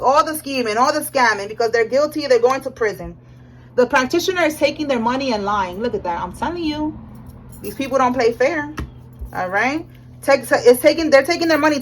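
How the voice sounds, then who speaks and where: A young woman giving a casual tarot reading, animated and slangy, often checking in with "all right?". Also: high voice, moderate pace, low-quality recording. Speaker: tarot reader.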